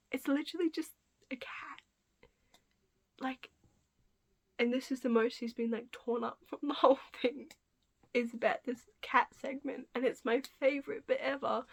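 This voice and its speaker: Amused young woman vlogger, high voice. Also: fairly even intonation, moderate pace, long pauses. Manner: amused and incredulous, with whispered asides. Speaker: commentary vlogger. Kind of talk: casual commentary on a scandal.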